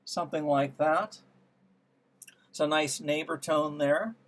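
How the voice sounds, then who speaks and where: A man's voice: a little high, fairly even intonation, takes it slowly, a bit bright. A man teaching music theory, trying out ideas aloud and musing as he works through them. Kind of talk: thinking-aloud music lesson. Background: piano playing.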